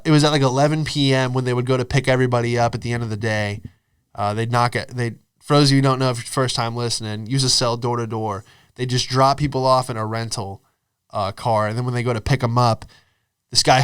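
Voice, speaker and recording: Dude rambling thru funny stories on his podcast, smooth voice, dry close mic. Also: medium pitch, dry recording. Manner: rambling, laid-back, says dude and you know a lot. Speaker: podcast host and comedian. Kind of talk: casual storytelling chat.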